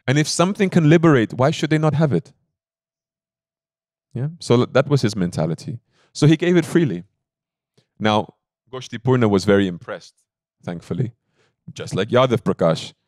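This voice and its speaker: A man's voice: medium pitch, big pitch swings, normal speed, long pauses, a little mellow, dry recording, clean studio sound. A man giving a devotional sermon as a spiritual teacher, telling a story in an emphatic, conversational way and often checking in with his listeners.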